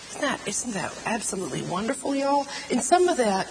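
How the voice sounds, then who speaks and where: A woman's voice: fairly high pitch, brisk. Woman preaching in a reverberant hall. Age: middle-aged. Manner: earnest, animated, drawing out words for emphasis. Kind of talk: sermon. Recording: long hall reverb, faint noise.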